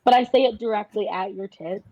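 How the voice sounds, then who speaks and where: A woman at a tabletop game, narrating her turn in a crude, playful, chatty way. Her voice sits at a middling pitch. The audio is a bit muffled. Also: a little fast, dark tone. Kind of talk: casual role-play narration.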